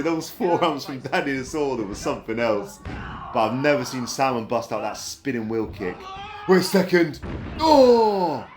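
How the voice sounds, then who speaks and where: A man calling a wrestling match play by play, excitable and breaking into high yelps at big moves. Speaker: wrestling commentator. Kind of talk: play-by-play commentary. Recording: commentary over loud music.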